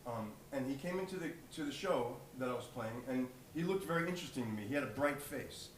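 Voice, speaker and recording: A singer-songwriter telling a rambling story between songs at a live gig, relaxed with plenty of ums and uhs. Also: male voice, medium pitch, fast, slight background noise. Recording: echoey live room, mic from a distance. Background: guitar playing.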